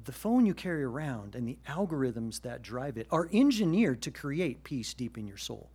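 A man preaching a sermon, animated and conversational, swinging from loud urgent appeals to hushed earnest passages. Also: medium pitch, normal speed, hardly any pauses, husky. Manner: conversational, plays out little scenes. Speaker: pastor.

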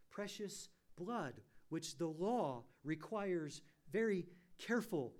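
A man's voice: high voice, lively intonation, moderate pace, few pauses, darkish tone. A man preaching a sermon, posing rhetorical questions and rising to emphatic peaks. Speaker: pastor.

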